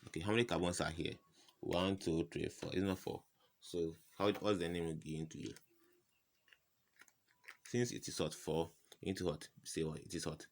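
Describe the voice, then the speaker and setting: A man's voice: deep voice, fairly even intonation, moderate pace, pauses often, a little hiss or hum. A man tutoring chemistry in an informal lesson, firing rhetorical "what?" questions at the viewer and repeating each answer. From West Africa.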